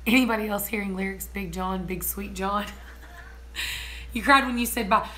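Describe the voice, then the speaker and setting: A woman chatting casually on her vlog, giggly and excitable. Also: medium pitch, normal speed. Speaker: homesteading vlogger. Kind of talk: casual chat.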